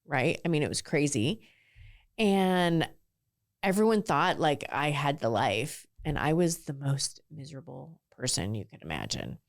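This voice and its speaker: Low-voiced woman telling her story frankly. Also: very animated, unhurried, dry recording, studio quality. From southern California. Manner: candid, frank storyteller with frequent "like" fillers. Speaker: guest, ice cream entrepreneur. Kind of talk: casual interview storytelling.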